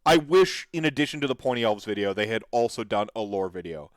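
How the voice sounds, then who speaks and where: A man's voice: lowish voice, animated, fast talker, no room sound. A man hosting a podcast, reacting to videos in an enthusiastic, rambling way with lots of fillers. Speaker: podcast host. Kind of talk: casual commentary reacting to videos.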